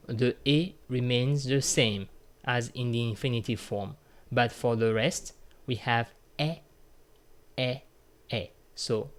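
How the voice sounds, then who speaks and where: Man, language teacher, unhurried delivery, repeats forms aloud. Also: medium pitch. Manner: slow, repeats conjugations aloud, explains step by step. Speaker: French teacher. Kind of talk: grammar lesson.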